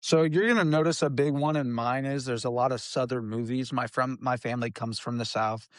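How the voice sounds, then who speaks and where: A podcast co-host from Indiana, a man of middle pitch who talks in loose, rambling chat. He keeps restarting and hedging his sentences. His voice sounds dry, with no room echo. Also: fairly even intonation, a little fast. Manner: rambling, trails off into restarts and hedges. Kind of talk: casual chat.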